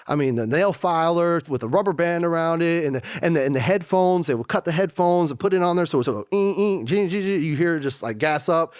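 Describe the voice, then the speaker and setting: A man's voice: a little high, smooth, no room sound. Candid man with a dry close sound. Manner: animated, acts out other voices, frequent "you know" and "man". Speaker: guest. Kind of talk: candid conversational storytelling.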